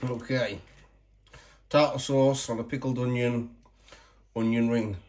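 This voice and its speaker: A man chatting casually as he tries food on camera, in an everyday mid-range voice. He is relaxed and pokes fun at himself. He keeps stopping to clear his throat. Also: medium pitch, unhurried. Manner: relaxed, chatty and self-mocking. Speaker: food vlogger. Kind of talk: casual taste-test commentary.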